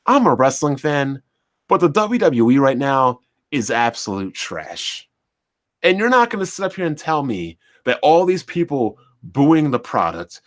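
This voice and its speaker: A man hosting his own commentary channel, ranting to his viewers in an animated way and piling up repeated rhetorical questions. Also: mid-range voice. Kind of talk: opinion rant to camera.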